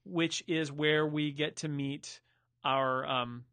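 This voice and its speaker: A man's voice: a little high, steady tone, takes it slowly, pushed and bright, clean tone, no room sound. A man hosting a podcast discussion, rambling casually with restarts and fillers. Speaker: podcast host. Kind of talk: casual chat.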